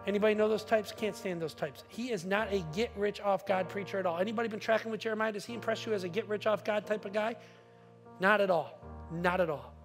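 A male pastor delivers a sermon in a high, steady voice at a quick pace, with soft music in the background. He climbs to forceful, emphatic peaks, then falls into quiet asides, and he often repeats a word when restarting a sentence.

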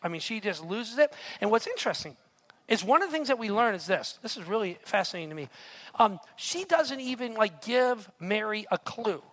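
A male pastor preaching a sermon, telling a story with lively rhetorical asides to his audience. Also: high voice, brisk.

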